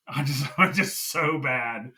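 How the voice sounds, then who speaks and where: A man's voice: medium pitch, slow, a crowd in the background, poor audio. A man co-hosting a wrestling review podcast, gushing and emphatic, repeating himself in casual chat. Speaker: podcast co-host.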